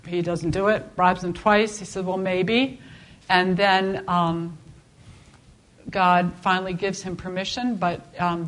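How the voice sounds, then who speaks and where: A woman teaching a Bible class in a conversational, expressive way, often restarting her sentences. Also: fairly low pitch. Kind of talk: informal Bible class lecture.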